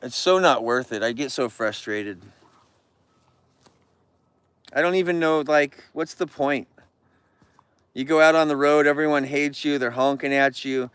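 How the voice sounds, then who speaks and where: A man's voice: medium pitch, normal speed, fairly bright tone, clear, resonant tone, dry recording. A man live-streaming outdoors near bears, ranting about rude viewers and scolding the animals in a rambling chat.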